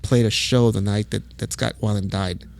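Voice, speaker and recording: A middle-aged man from El Paso, a music photographer, telling stories as a podcast guest in a casual, profane, animated way. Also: fairly low pitch, moderate pace, vocal fry. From El Paso, Texas. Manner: profane, animated storytelling with acted quotes. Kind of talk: casual storytelling.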